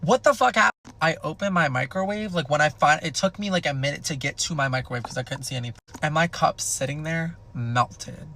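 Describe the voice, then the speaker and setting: A young man with a somewhat high, gravelly voice and a bright, forceful edge spins a chaotic personal story. He swears freely and throws himself into the telling, animated and dramatic. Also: brisk, few pauses, a little hiss or hum. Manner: animated, profane, dramatic retelling. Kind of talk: casual storytime.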